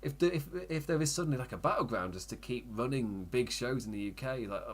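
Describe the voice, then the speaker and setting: A man hosting a wrestling podcast, chatting casually with frequent laughs and quick self-interrupting asides. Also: mid-range voice, expressive. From United Kingdom. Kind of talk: casual live recap commentary.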